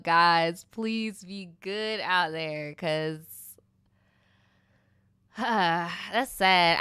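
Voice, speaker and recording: A young woman rambles through a casual eating-show chat, slangy and animated. Her voice is bright and smooth, and the sound is close and dry. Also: mid-range voice, slow pace, no room sound. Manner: animated storytelling, slangy, laughing asides. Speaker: mukbang vlogger.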